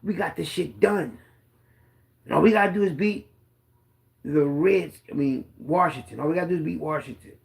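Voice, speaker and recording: A man's voice: on the high side, normal speed, vocal fry, long pauses. A man, a former running back telling boastful, profane football stories in a rambling casual monologue.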